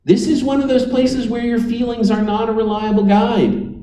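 A man's voice: very high-pitched, flat delivery, moderate pace, warm tone, echoey room, recorded from a distance, rough recording. A man preaching a sermon, telling stories with dry, wry humor. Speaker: pastor.

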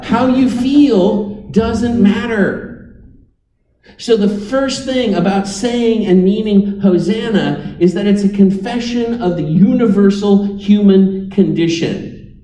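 A man's voice: sits high, slow, dark tone, reverberant, recorded from a distance, poor audio. A man preaching a sermon, telling stories with dry, wry humor. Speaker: pastor.

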